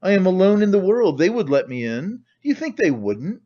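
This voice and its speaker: A hysterical impoverished widow, shrill and frenzied, hurling accusations in an audiobook, played by a man reading. The voice jumps up high and loud. The recording is dull and lo-fi. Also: sing-song, a little fast.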